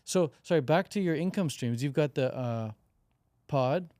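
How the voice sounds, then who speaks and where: A man's voice: fairly high pitch, unhurried, warm tone, no echo, studio quality. A young man hosting a casual podcast chat, curious and breezy, full of slang and acted-out example lines. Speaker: podcast host.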